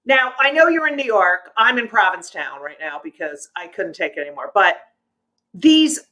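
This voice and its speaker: A woman comedian on a video call, telling stories in a brash, animated, punchy way. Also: medium pitch, normal speed, rough recording. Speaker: comedian guest. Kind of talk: stand-up storytelling on a video call.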